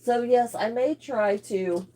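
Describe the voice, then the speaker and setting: A woman's voice: on the high side, slow, warm tone. A woman hosting a casual crochet livestream, chatting and greeting viewers by name with frequent laughs.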